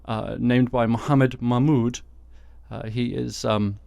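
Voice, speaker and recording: A man's voice: mid-range voice, steady tone, unhurried, gravelly, warm tone, smooth, no room sound. Guy hosting a satirical news podcast, sarcastic dry jokes, close dry mic. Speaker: podcast host.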